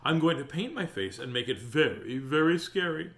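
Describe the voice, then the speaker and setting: A man's voice: a little high, animated, moderate pace, fairly bright tone. A man reading aloud as a little boy who likes scaring people, eager and playful. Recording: roomy echo.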